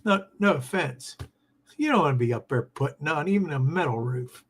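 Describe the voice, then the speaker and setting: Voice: medium pitch, lively intonation, normal speed, husky. An older host of a live model train show, chatting casually and reacting to viewer comments with frequent laughs. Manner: easygoing, laughs often while talking.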